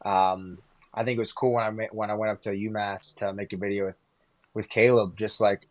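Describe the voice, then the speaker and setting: Young man, low and flat-toned, earnest guest, heard over dull, dry audio. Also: fairly quick. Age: young adult. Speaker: guest, YouTuber. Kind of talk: casual podcast chat.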